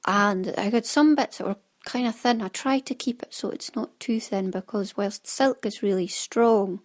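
A woman hosting a podcast, talking in a casual, rambling way and often trailing off into soft, half-whispered asides. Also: mid-range voice, moderate pace. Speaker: knitting podcast host. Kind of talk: casual chatty monologue.

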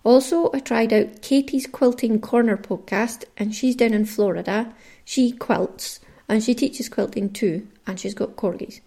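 A woman's voice: a little high, measured pace, creaky, warm tone, husky. A woman from Caithness in the far north of Scotland with a Caithness accent, hosting her own podcast in a casual, chatty way and reading out lists of listener names. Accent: Scottish, Caithness. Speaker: podcast host. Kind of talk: casual solo podcast chat.

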